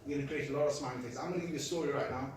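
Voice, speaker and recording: Animated man in an echoey hall. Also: medium pitch, racing, background noise. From Britain. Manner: animated, acts out voices, laughs at his own jokes. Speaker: Islamic lecturer. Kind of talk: storytelling lecture. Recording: echoey hall, speaker far from the mic.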